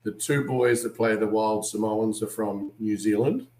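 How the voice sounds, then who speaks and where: An Australian man with a fairly low voice, telling lively behind-the-scenes stories as an interview guest. He acts out the lines of the people in his stories. The sound is roomy and echoey. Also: unhurried. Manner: animated anecdotes, acting out other people's lines. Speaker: actor guest. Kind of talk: casual interview storytelling.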